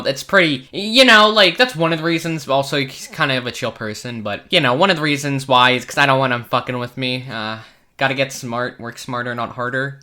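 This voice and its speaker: A young man casually telling a story about his school days, profane and animated, full of restarts and asides. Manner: jumps between hushed mutters and excited high bursts. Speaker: storytime video creator.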